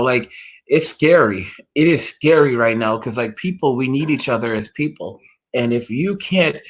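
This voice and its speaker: A man chats casually on a livestream and answers his viewers as he goes. His voice sits in an ordinary middle pitch. He rambles, restarts sentences, and fills the gaps with "like" and "you know.". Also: fairly bright tone. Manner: rambling, heavy use of "like" and restarts. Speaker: livestream host reading chat.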